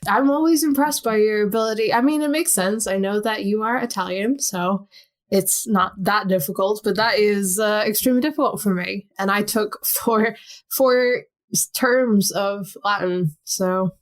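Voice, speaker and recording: A woman's voice: mid-range voice, moderate pace. A woman from the United States co-hosting an archaeology podcast, explaining in a casual, chatty way with frequent laughs and fillers. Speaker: podcast co-host. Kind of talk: casual educational chat.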